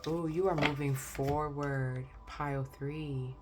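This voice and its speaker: A woman's voice: deep voice, steady tone, slow pace, over loud music. A woman giving a chatty pick-a-card tarot reading, exclaiming and talking straight to her viewers. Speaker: tarot reader.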